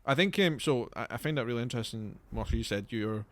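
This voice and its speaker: Fast-talking Scottish man, halting. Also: medium pitch, expressive. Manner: halting, stop-and-start phrasing. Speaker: podcast co-host. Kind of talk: casual chat.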